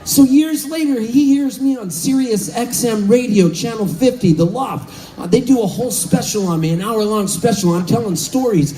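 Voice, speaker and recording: Brief: high-voiced man in his fifties with a mellow tone, telling lively stage stories between songs. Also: normal speed, a little hiss or hum, rough recording. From Southern California. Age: 50s. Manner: animated, laughing, calling out to the crowd. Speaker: musician. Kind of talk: onstage storytelling between songs. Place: live concert stage.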